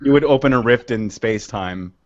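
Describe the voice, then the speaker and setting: A man's voice: mid-range voice, a little fast, highs cut off. A man joking and riffing with others during a group video commentary, laughing often. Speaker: guest commentator.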